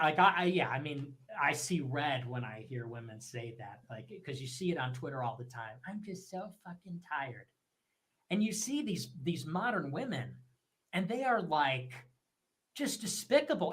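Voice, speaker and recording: A man delivering a fast, profane, scornful rant as a livestream commentator, with mocking laughs. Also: a little high, pushed and bright. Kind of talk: ranting monologue.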